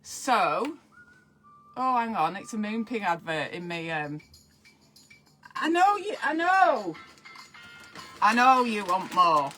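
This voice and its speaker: A woman's voice: mid-range voice, big pitch swings, slow, pauses often, bright, forceful tone, poor audio. A woman hosting a casual live stream, chatty and giddy, fussing over her pets between greetings to viewers. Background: faint Halloween music.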